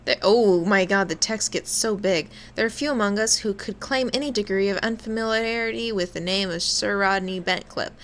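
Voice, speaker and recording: A woman's voice: medium pitch, moderate pace, hardly any pauses. A young woman casually commenting on a game and reading its text aloud, swearing offhandedly and stumbling over long words. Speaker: game streamer.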